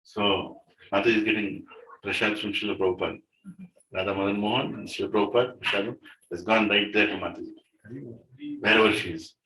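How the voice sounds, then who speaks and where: A man with an Indian English accent leading a devotional class in a home, telling stories and reading verses in a chatty, animated way. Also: lowish voice, a little fast, pauses often, a little hiss or hum. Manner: animated storyteller, conversational. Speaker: speaker leading a scripture class. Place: room in a private home, group gathering. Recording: echoey room, distant mic, crowd.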